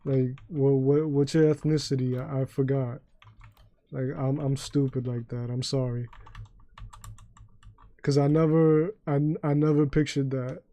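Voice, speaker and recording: A man's voice: mid-range voice, little pitch movement, measured pace, pauses often, dark tone, no room sound. Loose-talking New York man streaming. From New York City. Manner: rambling, profane storytelling with many restarts. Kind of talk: casual livestream chat.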